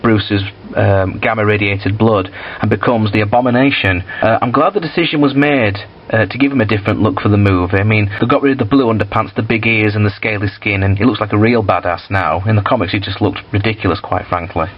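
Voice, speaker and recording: Man, husky voice, blunt casual film reviewer, swears freely, lots of fillers. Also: on the low side, fairly quick, dull audio. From United Kingdom.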